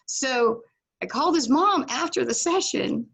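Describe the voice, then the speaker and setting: A middle-aged podcast guest tells a casual story in a gravelly, slightly high voice at normal speed. Animated, she acts out the voices of the people she quotes.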